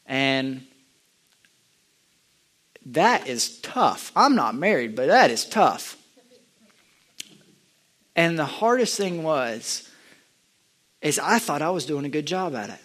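A young man sharing a personal testimony, earnest and halting, often restarting his sentences and climbing high and loud when he gets stirred up. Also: sing-song. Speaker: lay speaker sharing a testimony.

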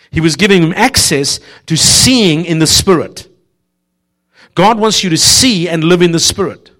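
Humorous and prophetic, this sermon comes from a visiting preacher addressing a church congregation directly and exhorting them. His voice is a little high with a fairly bright tone, and laughter runs through it.

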